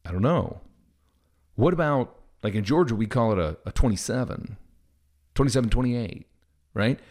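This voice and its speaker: A man from the Midwest with a Southern US accent, a podcast host talking through ideas in a casual monologue, animated and full of restarts. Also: medium pitch, moderate pace. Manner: animated, thinks aloud with many restarts.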